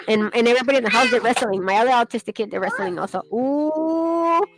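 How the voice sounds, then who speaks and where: A woman's voice: fairly high pitch, fast talker, over music. A woman, a mother, talking casually in a vlog, chatty and exasperated as she scolds her toddler. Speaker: mother and vlogger.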